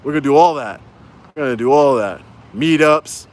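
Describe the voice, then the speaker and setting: A man's voice: mid-range voice, moderate pace. A man livestreaming from his phone outdoors, ranting in a heated, repetitive way and rallying his viewers. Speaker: YouTube auditor livestreaming. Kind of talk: angry livestream rant.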